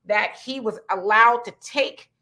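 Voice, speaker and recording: A woman's voice: on the high side, unhurried, bright, forceful tone. A middle-aged woman hosting a casual live-streamed talk show, chatting conversationally and reading viewer comments aloud. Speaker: host.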